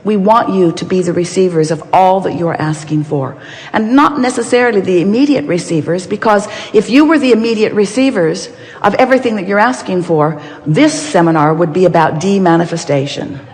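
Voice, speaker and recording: A woman's voice: on the low side, brisk, darkish tone. A woman giving an inspirational seminar talk, speaking as a collective "we" in an emphatic, playful way. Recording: long reverb of a large hall.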